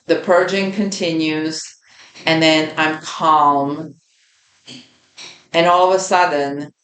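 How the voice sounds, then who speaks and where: A woman host recounting a personal experience in an earnest, vivid way, repeating phrases for emphasis. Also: sits low. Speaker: podcast host. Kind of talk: personal storytelling. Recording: roomy echo.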